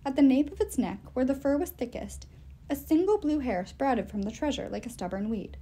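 Expressive woman reading a novel aloud. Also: sits high, brisk. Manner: expressive, animated storytelling. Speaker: reader.

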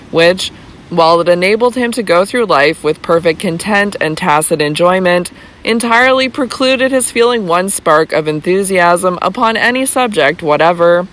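A narrator reads a classic novel aloud at a measured pace, with an even storytelling voice in the middle range. The reading is steady and unhurried. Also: medium pitch. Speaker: audiobook narrator. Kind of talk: scripted narration.

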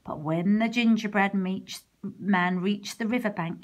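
A woman teacher reading a storybook aloud for children, expressive and gentle, pausing to ask the listeners questions. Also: mid-range voice.

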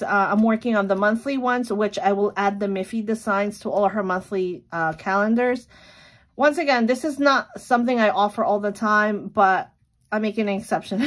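Chatty, giggly woman vlogger. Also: on the high side. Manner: chatty, giggly, lots of fillers. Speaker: small sticker shop owner. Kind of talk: casual vlog chat. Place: home.

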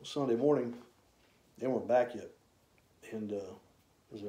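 A man, casually telling rambling, folksy stories about his old hunting camps, with drawn-out "uh" fillers. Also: medium pitch, warm tone. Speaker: hunter reminiscing. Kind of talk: casual storytelling. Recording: roomy echo.

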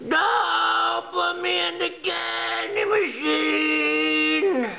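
A man's voice: extremely high pitch, fairly even intonation, very slow, gravelly, pitched above the performer's own voice, full character voice. Man doing a wailing terrified talking coin. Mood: pleading. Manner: shouting, wailing, pleading. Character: panicky talking coin, male, terrified of being eaten. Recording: dull lo-fi with faint hiss.

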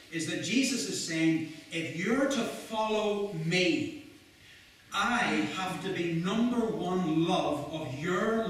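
A man's voice: high-pitched, fairly bright tone. A man preaching an earnest, fervent sermon in a mission hall. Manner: earnest, rising to fervent, with quotes read slowly. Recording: very echoey hall, mic far off.

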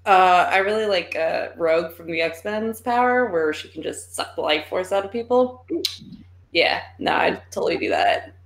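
A woman's voice: on the low side, normal speed, roomy sound. A woman co-hosting a live podcast, frank and matter-of-fact. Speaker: podcast co-host. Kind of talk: casual nerd-news chat.

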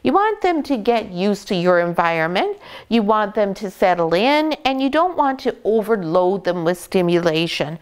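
A woman dog breeder calmly explaining puppy care, gently praising the dogs as she goes. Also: medium pitch, moderate pace, clean tone. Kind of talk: instructional puppy-care talk.

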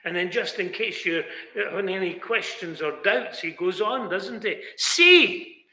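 A man preaches in a chapel, his high voice pushed and bright at a moderate pace. The room echoes with long reverb while he emphatically addresses listeners and poses rhetorical questions.

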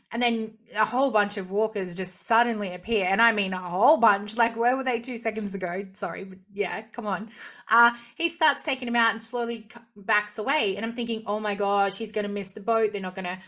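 A woman's voice: fairly high pitch, steady tone, brisk, a bit bright. Gushing young woman reviewing a TV finale. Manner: gushing, enthusiastic fan. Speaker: TV review vlogger. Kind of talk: casual TV review monologue.

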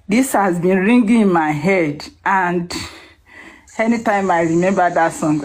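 Nigerian woman caller, emotional, low unhurried voice, mellow tone; sings partway. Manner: emotional, sings a song in Yoruba. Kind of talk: emotional call-in speech with singing.

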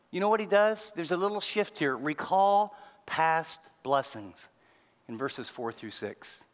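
A male pastor giving a sermon in a conversational style, swinging between soft, low passages and louder, raised lines. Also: animated, a little slow. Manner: conversational preaching, acts out quoted voices, shifts between loud and soft. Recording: long reverb of a large hall.

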